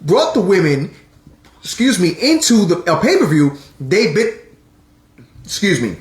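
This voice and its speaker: A man hosting a casual live-stream chat, animated and quick to talk over his co-host. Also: high voice, roomy sound. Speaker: podcast host.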